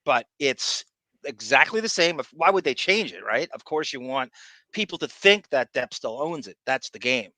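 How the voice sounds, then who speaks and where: A man co-hosting a comedy podcast, teasing and excitable, laughing a lot as he chats. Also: mid-range voice, moderate pace, dry recording. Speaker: podcast co-host. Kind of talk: casual comedic chat.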